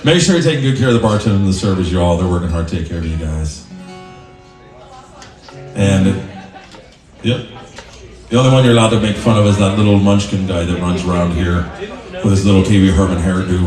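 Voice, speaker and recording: A man's voice: sits low, brisk, pauses often, darkish tone, distant mic. A man performing in a bar, teasing the crowd with jokes between songs. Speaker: bar singer and guitarist. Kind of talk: live stage banter between songs. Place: bar, indoors. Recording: echoey bar taped from afar, guitar.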